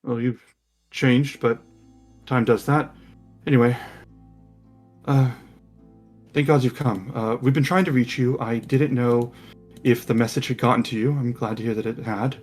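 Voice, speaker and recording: A man's voice: mid-range voice, fairly even intonation, a little slow, long pauses, a little mellow, natural voice. Game master plays a polite, uneasy male official in a tabletop game, faint music under him. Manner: hesitant, polite, awkward. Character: fussy male official at the docks.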